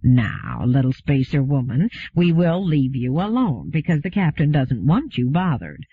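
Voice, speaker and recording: A man's voice: on the high side, sing-song, unhurried, husky, no room sound, exaggerated voice. A man voicing a brutish, menacing spaceship crewman who sneers and threatens. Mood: sneering. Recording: phone-like narrow sound.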